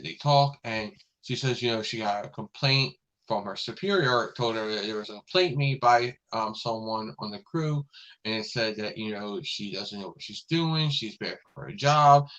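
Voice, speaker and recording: A man's voice: lowish voice, a bit bright, rough recording. A man hosting a casual review show, retelling an episode in a rambling way with many fillers and restarts.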